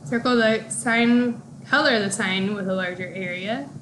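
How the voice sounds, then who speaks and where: A woman teacher talks young children through their worksheet answers at an unhurried pace. She is deliberate and careful, spelling out each punctuation mark as she goes. Steady background noise runs clearly under the home-made recording. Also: mid-range voice. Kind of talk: recorded classroom lesson walkthrough.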